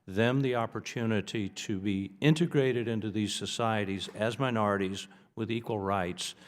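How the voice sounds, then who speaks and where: A man from the United States giving congressional testimony as an expert witness, arguing in a deliberate, emphatic way with some restarts. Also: on the low side. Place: congressional hearing room. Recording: reverberant hearing room.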